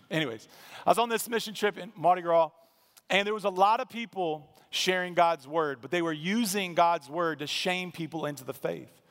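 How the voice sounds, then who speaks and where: A male pastor delivers a sermon at normal speed, conversational and emphatic, dropping in a few dry asides. His bright-toned voice is fairly high for a man, and a long church-hall reverb follows each phrase.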